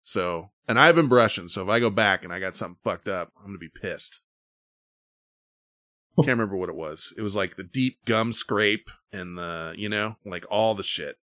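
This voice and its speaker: A man's voice: fairly low pitch, normal speed, a bit bright, dry recording, studio quality. A man in casual chat, grumbling about his pet peeves and swearing often.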